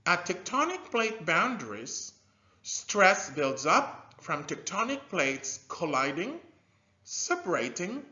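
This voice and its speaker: A man teaching a scripted science lesson to young learners, slow and animated, with drilled repetition and loud praise. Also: sits high. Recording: dull lo-fi recording.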